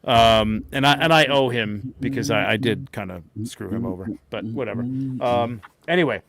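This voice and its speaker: A man's voice: medium pitch, moderate pace, gravelly, fairly bright tone. A man co-hosting a podcast, telling a convention story in casual chat, rambling and laughing as he acts out quotes. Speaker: podcast co-host.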